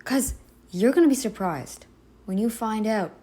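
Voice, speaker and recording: A woman's voice: a little high, expressive, measured pace, mellow. A woman giving a casual reaction commentary, arguing emphatically back at a video she is watching. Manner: emphatic, argumentative, talks back to the clip.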